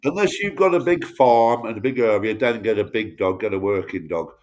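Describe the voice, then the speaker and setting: A man's voice: on the low side, a little fast, darkish tone. A man in his fifties with a northern English accent, chatting casually as a guest on a video call and swearing freely. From northern England. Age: 50s. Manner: chatty, swears freely, says "mate" and "bloody". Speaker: guest on a live stream. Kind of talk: casual chat.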